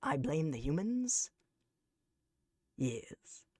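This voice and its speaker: A streamer chatting live on a desk mic, using grand, formal, mock-villainous phrasing with sarcastic deadpan jokes. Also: mid-range voice, extremely slow, breathy edge, no room sound, studio quality. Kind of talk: casual live-stream chat.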